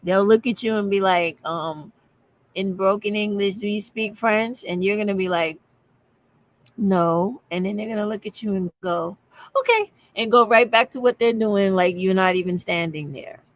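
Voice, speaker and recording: A woman's voice: mid-range voice, moderate pace, dry recording. A woman commenting on a clip, emphatic and repetitive as she drives her points home. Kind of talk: reaction commentary.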